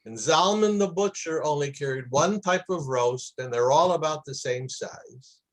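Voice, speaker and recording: An old grandmother speaks with a Russian accent, recounting household habits in a raised, sing-song voice. A man puts her on for a story in a class. The voice sits above his usual pitch. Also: moderate pace, natural voice. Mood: fond.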